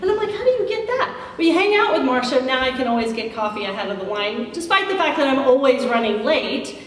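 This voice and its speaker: A woman's voice: high voice, sing-song, fast, fairly bright tone. A woman giving a chatty, self-deprecating roast speech full of anecdotes and laughter. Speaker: roast speaker. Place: large event hall. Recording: echoey hall recorded from far off.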